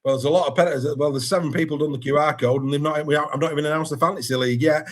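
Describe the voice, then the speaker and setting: A man's voice: a little high, fairly even intonation, very fast. A man hosting a rugby league podcast, chatty and enthusiastic as he reads through a squad list. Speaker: podcast host. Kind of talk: casual sports podcast chat.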